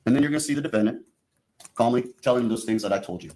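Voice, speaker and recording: A man's voice: mid-range voice, quick pace, darkish tone. A man, a prosecutor, giving an opening statement in a courtroom, speaking straight to the jury and walking them step by step through what they will see and hear. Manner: addresses the jury directly, repeating "you're gonna".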